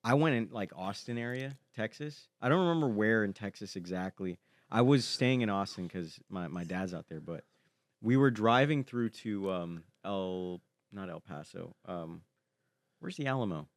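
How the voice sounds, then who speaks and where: Low-voiced young man, laid-back chat. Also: normal speed, no room sound. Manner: relaxed, says "dude" a lot, drifts while remembering. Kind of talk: casual chat.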